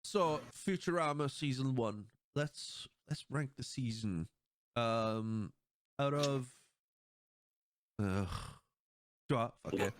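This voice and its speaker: A man hosting a podcast talks slowly with a medium pitch and long pauses. He recaps episodes in a relaxed chat, retelling scenes with animation, laughing frequently and acting out the lines he quotes.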